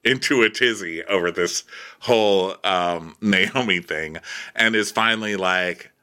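A man's voice: deep voice, unhurried, pushed and bright, smooth. A man co-hosting a podcast, recapping a reality show in snarky, sarcastic casual chat with frequent swearing. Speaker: podcast co-host.

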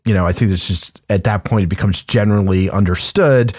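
A podcast co-host in casual chat, quick to question the others. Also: sits low, a little mellow, no room sound, clean studio sound.

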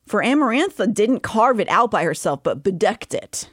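A woman co-hosting a podcast, recapping a novel's plot in a casual chatty way and now and then dropping into quick silly character voices. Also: mid-range voice, big pitch swings, dry recording, clean studio sound. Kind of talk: casual book recap chat.

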